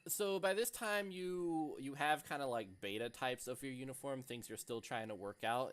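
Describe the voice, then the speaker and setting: A man narrating as game master in a relaxed, easygoing way, full of ums and uhs. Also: mid-range voice. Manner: relaxed, many fillers, laughs often.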